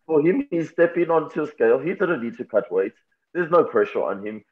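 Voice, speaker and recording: This guest is an MMA fighter with an expressive, highish voice and a fairly quick delivery. He talks candidly and reflectively in a casual interview, laughing easily, over a tinny, phone-like connection.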